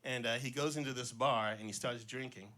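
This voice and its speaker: Bright-voiced man telling stage jokes. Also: mid-range voice, a little fast. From Cincinnati area, Ohio. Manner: relaxed storytelling, slips and restarts, voices jokes' characters lightly. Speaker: stand-up comedian, schoolteacher. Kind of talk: first-time stand-up set of joke stories. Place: small club stage before a live audience.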